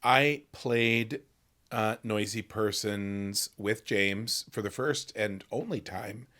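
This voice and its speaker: A man hosting a casual livestream, telling a rambling, halting, self-deprecating story full of restarts. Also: on the low side, pushed and bright. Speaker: host.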